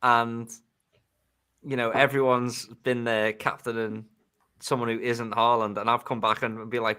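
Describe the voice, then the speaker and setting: A man in a casual podcast chat teases the others with a chuckle, often stumbling and restarting his sentences. His voice is mid-pitched and ordinary. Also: level tone, a little slow, sharp tone, smooth. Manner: teasing, stammering restarts, chuckling. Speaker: fantasy football podcast co-host.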